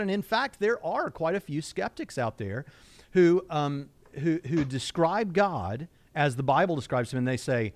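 A middle-aged man from Southwest Indiana, co-hosting a casual discussion and turning animated when he quotes others. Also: on the high side, unhurried. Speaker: co-host.

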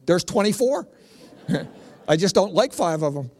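A middle-aged man from Pennsylvania doing stand-up comedy as a comedian and preacher, telling animated stories with punchy jokes. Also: high-pitched, slow pace.

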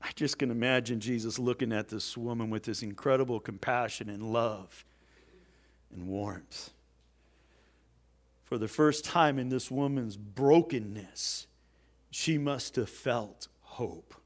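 A man preaching a sermon as pastor, swinging from soft, slow lines to loud, emphatic ones. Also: medium pitch.

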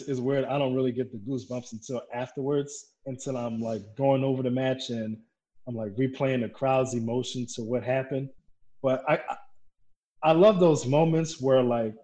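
Animated wrestler telling stories. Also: male voice, mid-range voice. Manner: animated, laughing, swearing storyteller. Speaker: pro wrestler, guest. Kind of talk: casual storytelling interview.

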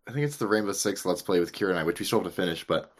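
A man's voice: low voice, racing. A man co-hosting a podcast, telling stories in a rambling way with frequent swearing. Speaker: podcast co-host. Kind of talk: casual chat.

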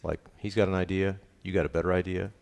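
Pastor, middle-aged man, low voice, emphatic with jokes, repeats key lines. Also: flat delivery, quick pace, vocal fry, a little mellow. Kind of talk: sermon.

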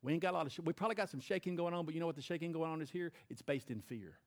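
A male pastor preaching a sermon on a stage mic, swinging between loud emphatic bursts and quiet, intense lines. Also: fairly high pitch, rapid-fire.

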